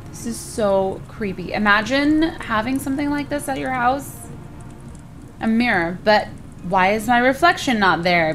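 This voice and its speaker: A woman's voice: a little high, unhurried, fairly bright tone, faint music behind. Chatty woman narrating her gameplay. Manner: chatty, addresses viewers, exclaims in surprise. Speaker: gaming video host. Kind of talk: casual let's play commentary.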